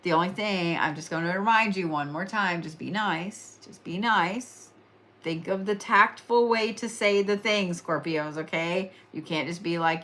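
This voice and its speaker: A woman's voice: on the low side, moderate pace, fairly bright tone. A young woman with an Oklahoma accent hosting a casual horoscope reading, tired and yawning, chatty and teasing, repeating phrases for emphasis. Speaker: astrology and reiki livestream host.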